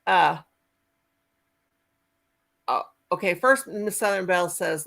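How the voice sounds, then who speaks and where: A woman's voice: on the low side, slow pace, vocal fry, long pauses, a bit bright. A woman hosting a casual livestream chat, folksy and talkative, laughing often and reading out viewer comments. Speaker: livestream host.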